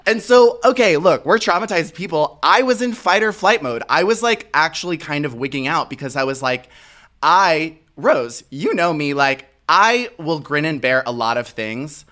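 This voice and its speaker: Brief: young male co-host, lively storyteller, bright voice, fairly high. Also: moderate pace. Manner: animated storytelling, laughs often. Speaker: podcast co-host. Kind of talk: casual chat.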